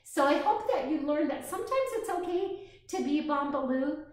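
A woman reading a picture book aloud to preschoolers, gentle and slow, often asking the children questions, heard in an echoey room. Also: high-pitched, lively intonation. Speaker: children's storyteller.

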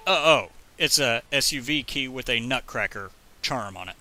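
A man giving rambling, jokey gameplay commentary, talking fast when he gets excited. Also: a little high. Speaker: let's play commentator.

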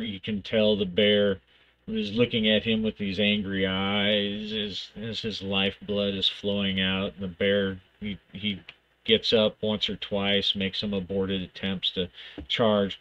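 A man's voice: fairly low pitch, fairly bright tone, dull audio. A man thinking aloud as he plays a solo tabletop game, reading rules aloud and narrating the action in bursts.

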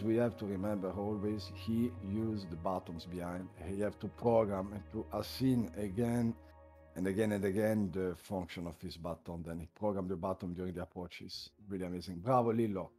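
A man's voice: sits low, moderate pace, dark tone. A man with an Italian accent, whose first language is Italian, commenting live on flight-sim landings as a stream co-host and cheering in loose, broken English. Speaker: livestream co-host. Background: music.

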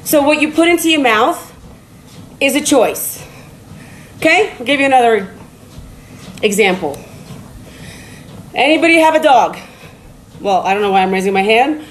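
A woman's voice: sits high, lively intonation, normal speed, pauses often, slight background noise, rough recording. A middle-aged woman giving a blunt, rambling motivational talk on a phone live stream while walking on a treadmill, laughing and swearing.

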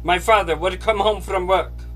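A man delivering a deadpan comic monologue, slow and deliberate with pauses for effect. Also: high-pitched. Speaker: comedian.

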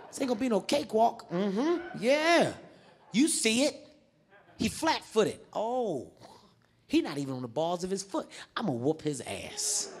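A man telling animated stand-up stories on stage, acting out voices and shouting. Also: extremely high pitch. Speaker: stand-up comedian. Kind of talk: stand-up comedy storytelling. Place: large theater stage with audience.

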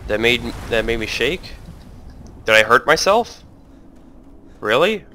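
A young man with a very bright, forceful voice narrates his gameplay in an unhurried drawl. He talks straight to the characters on screen and jokes his way through, then suddenly yells at them. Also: mid-range voice, big pitch swings, slight background noise. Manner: jokey, talks to the game, bursts into yelling. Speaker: let's play host. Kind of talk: gameplay commentary.

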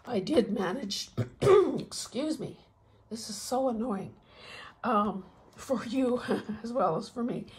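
A woman hosting a craft vlog in a croaky, hoarse voice, talking in a halting, casual way and often stopping to clear her throat. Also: medium pitch. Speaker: craft channel host. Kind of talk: casual show-and-tell vlog. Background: faint traffic noise.

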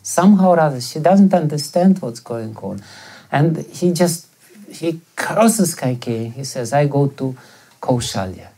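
A man's voice: on the high side, expressive, a little slow, mellow, breathy edge. A male spiritual teacher giving a scripture lecture, telling a story with many hesitant fillers.

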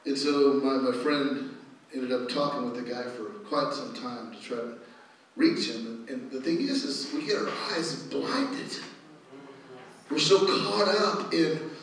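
A middle-aged man preaching a sermon as pastor, telling stories with animated energy that rises to loud exclamations. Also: mid-range voice, a little slow. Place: church sanctuary. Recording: echoey church from a distance.

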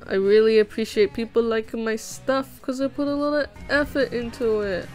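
Her voice is a little high with a darkish tone and a moderate pace as this young animator chats with viewers during a drawing livestream. She reads the chat in a bubbly, rambling manner, giggling and using many fillers, while soft music plays.

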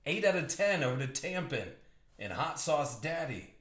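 A man's voice: fairly high pitch, very animated, normal speed, a bit bright. A man hosting a live trading card break, bantering and joking with chat viewers as he reads out the hits. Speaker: box break host. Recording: echoey room with faint noise.

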